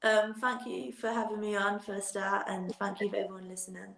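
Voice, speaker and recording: A woman's voice: medium pitch, steady tone, a little fast, gravelly, a crowd in the background. A British woman giving plain-spoken interview answers as a guest, with frequent restarts. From Britain. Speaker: guest, professional boxer. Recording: roomy remote audio.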